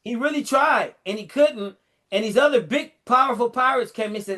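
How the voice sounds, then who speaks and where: A middle-aged man in casual chat, animatedly retelling a story and acting out the lines in a lower voice. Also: fairly quick. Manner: animated storyteller, fillers and restarts, acts out quotes in a lower voice.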